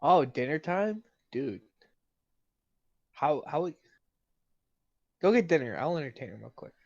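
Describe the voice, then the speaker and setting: A man's voice: medium pitch, animated, unhurried, creaky, darkish tone, breathy edge. Young guy rambling on a podcast, keeps searching for words, muffled lo-fi mic, mid voice. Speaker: podcast co-host. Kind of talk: casual chat. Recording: dull lo-fi mic.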